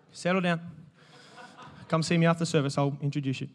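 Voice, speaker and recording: A man, preaching an energetic sermon and joking with the congregation. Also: fairly high pitch, a little fast. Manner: animated, joking, calls out to the congregation. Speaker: pastor. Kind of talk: energetic sermon with audience banter.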